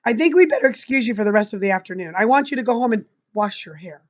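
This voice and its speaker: A woman's voice: medium pitch, expressive, quick pace, lo-fi sound, close to an everyday voice. A woman voicing a flustered young schoolteacher who falters and hesitates.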